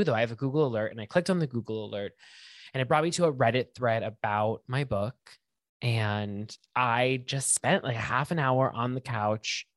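A man's voice: mid-range voice, dry recording. Rambling male podcast host, dry sound. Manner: rambling, thinking out loud, self-conscious. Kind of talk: casual solo monologue.

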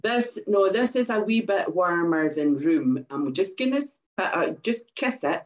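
A Scottish woman tasting whisky on a casual show, talking in a measured, hesitant way. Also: fairly low pitch, lively intonation, lo-fi sound. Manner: measured and hesitant, with many restarts. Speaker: co-host and taster.

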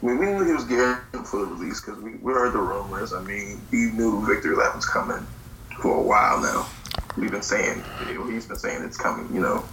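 A man co-hosting a podcast, talking in a relaxed, thoughtful way about rap. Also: fairly low pitch, fairly quick. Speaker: podcast co-host. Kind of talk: casual hip-hop talk. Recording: roomy echo, faint background hiss.

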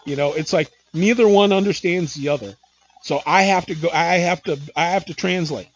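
A man's voice: fairly high pitch, normal speed, muffled recording, a little hiss or hum. A man hosting a podcast interview, chatting casually and rambling through stories with lots of fillers. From Midwest United States. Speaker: podcast host.

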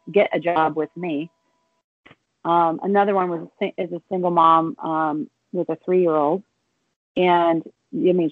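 A middle-aged woman, a restaurant and bar owner, speaking haltingly and close to tears, restarting her sentences often. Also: fairly low pitch, dry recording. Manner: tearful, halting, many restarts. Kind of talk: emotional interview over the phone. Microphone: phone. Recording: tinny dry phone line.

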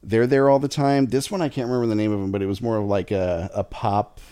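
A man's voice: fairly low pitch, fairly even intonation, quick pace, dark tone, smooth, no echo. A man co-hosting a podcast, chatting casually and rambling with fillers. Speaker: podcast co-host. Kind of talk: casual chat.

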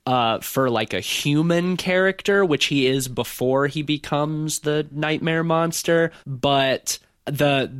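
A man's voice: medium pitch, clear, resonant tone, no room sound. Guy on a movie podcast ranting about a horror remake, dry close mic. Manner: opinionated, animated retelling. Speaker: podcast co-host. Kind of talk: casual film discussion.

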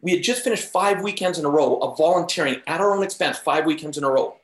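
A man's voice: on the high side, fast. A man being interviewed, telling stories casually and acting out the voices of the people in them. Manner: animated, acts out the voices in his stories. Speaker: interview guest. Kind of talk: casual storytelling. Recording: roomy echo.

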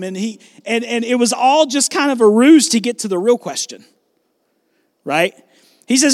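A man pastor preaching a sermon, animated, acting out biblical dialogue with shifting volume. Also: very high-pitched, normal speed, dry recording, studio quality.

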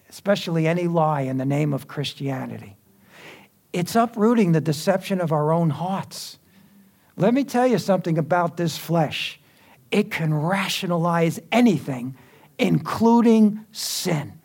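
A man's voice: a little high, animated, a little slow, darkish tone. A man preaching a sermon in a church, talking conversationally with quips and asides to the congregation.

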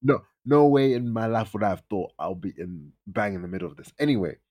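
A young man tells a story in a relaxed podcast chat. His voice sits a touch low, and he jumps up in pitch whenever he acts out his mates. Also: a little fast, creaky, slightly rough. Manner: animated, acts out friends' lines in raised voices. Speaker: podcast host.

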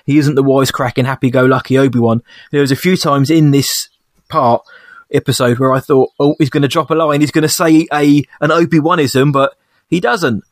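A man's voice: medium pitch, steady tone, brisk, no room sound, clean studio sound. Thoughtful man reviewing an episode. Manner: thoughtful, hesitant, many restarts. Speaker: podcast co-host. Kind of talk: casual chat reviewing a TV episode.

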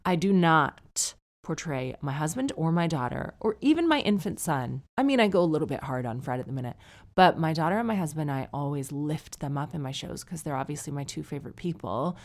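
A comedian in her forties hosts a podcast, reading out listener emails in casual, wry, teasing chat. Her low voice moves with lively intonation, and she talks a little fast.

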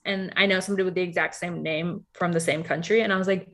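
A woman co-hosting a casual recap chat, talking fast and loosely with many fillers and acted-out quotes. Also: lowish voice. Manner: chatty, filler-heavy, animated quoting. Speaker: podcast co-host.

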